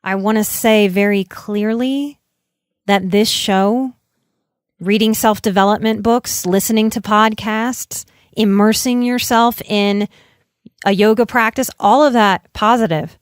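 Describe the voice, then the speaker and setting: A middle-aged woman hosting a solo self-help podcast, talking earnestly and emphatically, and slowing down to stretch out the key words. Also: medium pitch, fairly even intonation, smooth, no echo, studio quality. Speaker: podcast host and counselor.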